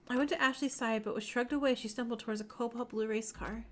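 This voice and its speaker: A woman's voice: on the high side, steady tone, quick pace, a bit bright. A woman streamer reading a visual novel's narration aloud on a live stream, with small slips and self-corrections.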